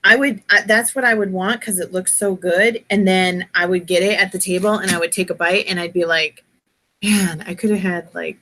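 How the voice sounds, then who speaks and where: A woman's voice: fairly low pitch, steady tone, brisk, hardly any pauses, sharp tone. Laughing, sing-song woman chatting. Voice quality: slightly raspy, coughs easily. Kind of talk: casual chat.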